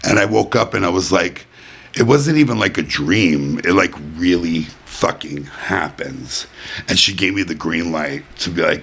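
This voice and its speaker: This middle-aged home podcast host has a low, gravelly, slightly rough voice that's a bit bright, with lively intonation at normal speed. Sitting in a white-furnished room, he chats casually and rambles, saying "basically" and "you know" constantly.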